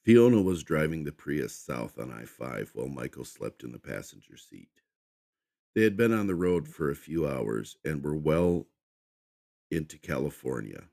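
Deep creaky guy reading a horror story, voice swings up and down. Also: sing-song, normal speed, mellow. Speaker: podcast storyteller.

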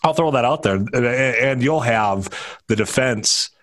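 A man's voice: mid-range voice, a little slow, fairly bright tone. Indignant radio talk host man. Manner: heated, indignant. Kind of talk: political discussion.

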